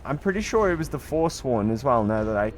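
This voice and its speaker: Speaking fairly quickly in a sing-song, mid-range voice, a middle-aged man banters with viewers during a live game stream. There's a little hiss or hum, and his teasing jokes come with the odd swear word.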